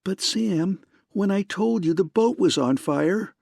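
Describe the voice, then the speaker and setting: A man's voice: medium pitch, expressive, moderate pace, darkish tone, no room sound, studio quality. A man reading an audiobook, voicing a worried, fiery young woman secretary in an impassioned, indignant manner.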